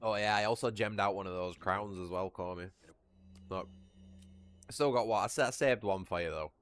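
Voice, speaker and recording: A man's voice: on the low side, moderate pace. A British man casually chatting and swearing while he streams a video game, with a joking manner. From Britain. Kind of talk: casual gameplay livestream.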